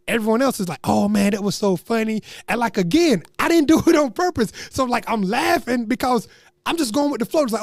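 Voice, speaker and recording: Young guy, high voice, dry sound, animated slangy storytelling. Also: fast, dry recording. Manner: animated, slangy, acts out quotes. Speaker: comedian storyteller. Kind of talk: comedic storytelling.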